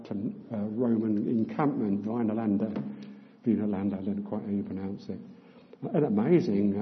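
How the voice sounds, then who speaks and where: Older man preaching in an echoey hall. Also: mid-range voice. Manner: earnest, emphatic, repeats key words, many filler sounds. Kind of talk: sermon. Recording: muffled, echoey hall sound.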